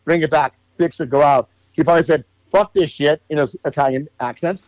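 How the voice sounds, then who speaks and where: A man's voice: fairly high pitch, fairly even intonation, fast talker, a little mellow, low-quality recording. A man co-hosting a podcast in casual chat, explaining at length in a rambling way with fillers and some swearing. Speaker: podcast co-host.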